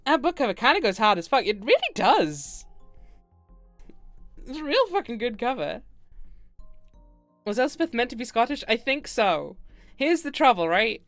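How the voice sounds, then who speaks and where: A woman's voice: on the high side, very animated, normal speed, pauses often, no echo, faint music behind. A woman streamer giving casual gameplay commentary, giggly and self-deprecating.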